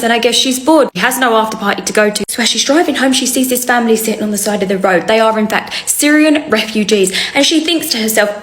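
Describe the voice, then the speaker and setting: A woman's voice: a little high, fast, few pauses. Wry woman telling a comic story. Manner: wry, sarcastic, animated. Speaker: storyteller vlogger. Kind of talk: comedic storytelling to camera.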